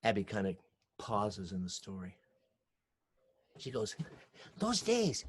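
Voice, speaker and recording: A man with a Hawaiian Pidgin accent telling a story aloud, acting out voices and dropping to hushed whispers. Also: fairly low pitch, slow pace, pauses often, breathy edge. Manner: animated, acts out voices, shifts from shouts to hushed whispers. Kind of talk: oral storytelling. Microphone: home recording for video call show.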